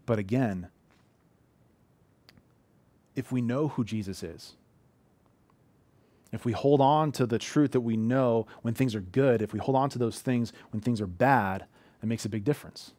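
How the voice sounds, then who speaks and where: A man's voice: medium pitch, a little slow, long pauses, warm tone, no room sound. A man in his thirties preaching an earnest, conversational sermon from a living room, often restarting his sentences. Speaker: pastor.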